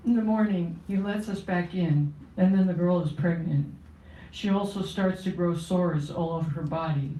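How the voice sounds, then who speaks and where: A poet reads at a cafe open mic in a measured, solemn way, with a dark, mellow timbre. The voice sits back from the mic in a roomy space, with a faint hum of ambience behind it. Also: medium pitch. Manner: measured, solemn reading of a first-person poem. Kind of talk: poetry reading. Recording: roomy cafe sound from a distance.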